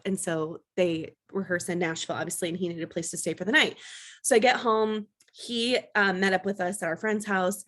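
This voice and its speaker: A young woman co-hosting a podcast, telling a story in casual chat, animated and laughing at herself. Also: fairly low pitch. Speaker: podcast co-host.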